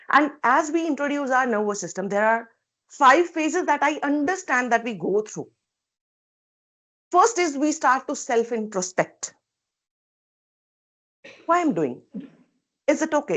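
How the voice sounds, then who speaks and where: Reflective woman giving a speech. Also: a little high. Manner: reflective, asks many rhetorical questions. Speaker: speaker at a public speaking club meeting. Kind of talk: prepared personal speech. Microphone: video call.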